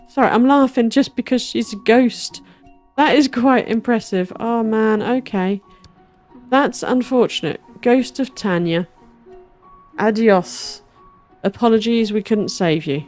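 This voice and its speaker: A woman's voice: fairly high pitch, a little mellow. A woman giving casual let's-play commentary, chatting to herself and to the game's characters and laughing now and then. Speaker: gaming channel host.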